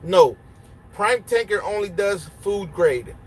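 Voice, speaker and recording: A man's voice: high voice, lively intonation, slow pace, low-quality recording. A young male truck driver and trainer from Honduras with a Honduran Spanish accent, answering viewer questions in a casual, blunt way and switching between English and Spanish. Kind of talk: casual live Q&A, reading chat aloud. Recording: loud road and engine hum.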